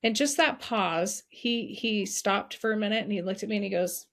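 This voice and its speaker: A woman's voice: medium pitch, normal speed, few pauses, fairly bright tone. A middle-aged woman speaking as a guest, earnestly telling personal stories and repeating encouraging advice. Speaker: guest, suicide prevention advocate. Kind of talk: heartfelt conversational storytelling.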